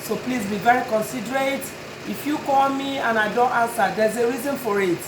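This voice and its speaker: The owner of a notary and tag and title business talks straight to her customers on camera, earnest and pleading but firm. Her voice sits on the high side and she speaks fairly quickly. The sound is reverberant, with a noisy background.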